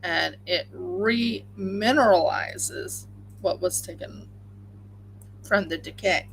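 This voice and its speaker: Slow, gravelly-voiced woman chatting. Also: on the low side, slight background noise, low-quality recording. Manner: rambling, chatty, with many fillers. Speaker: crafting livestream host. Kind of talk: casual chat while crocheting.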